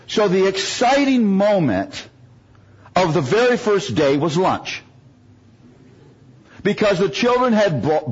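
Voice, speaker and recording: A man's voice: sits high, husky, muffled recording. A man from the United States preaching a sermon, telling humorous stories and making self-mocking jokes.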